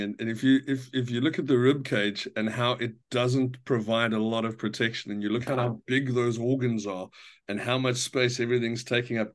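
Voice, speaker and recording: A man co-hosting a casual podcast, easygoing and quick to laugh, who explains things through everyday analogies. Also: medium pitch. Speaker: podcast co-host, musician.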